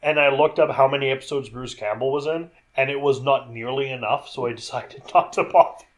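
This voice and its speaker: A man's voice: medium pitch, a little fast. A man co-hosting a podcast, recapping a film in casual chat, swearing freely and acting out scenes. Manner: animated, swears, quotes scenes in put-on voices. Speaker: podcast co-host.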